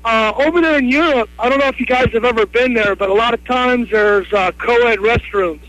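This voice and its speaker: A man calling in to a radio show, telling a story with lots of hesitant pauses. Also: extremely high pitch, fairly bright tone, no echo, dull audio. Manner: hesitant, many uhs. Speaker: caller. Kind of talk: phone-in story.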